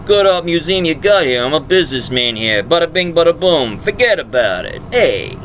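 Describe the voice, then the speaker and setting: A man's voice: fairly high pitch, big pitch swings, normal speed, a bit bright, slight background noise, voice pushed up, low-quality recording. A man voicing a brash male business tycoon with a New York accent, talking in a swaggering, slangy tough-guy way.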